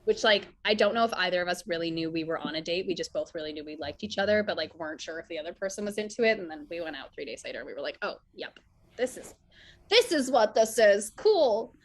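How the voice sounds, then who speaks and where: A woman's voice: fairly low pitch, rapid-fire, hardly any pauses. Chatty woman telling a story. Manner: animated storyteller, acts out quotes, says "like" often. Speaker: actress guest. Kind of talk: casual interview chat.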